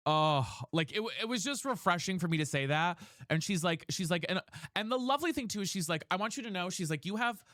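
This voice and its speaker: A man's voice: a little high, fairly bright tone, dry recording. Rambling young male streamer, dry sound. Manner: rambling, retells others' words with "she's like". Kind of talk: casual chat while gaming.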